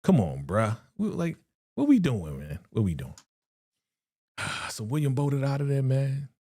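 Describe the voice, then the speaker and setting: A man's voice: mid-range voice, measured pace, no room sound, clean studio sound. A man hosting a live reaction stream in a casual, slangy way, repeating phrases and sighing often. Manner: animated, slangy, repeats phrases, frequent sighs.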